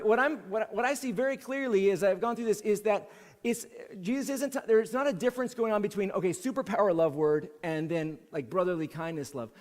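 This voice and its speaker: A man preaching a sermon as senior pastor, in a conversational way that repeats key phrases for emphasis. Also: high voice. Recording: long hall reverb.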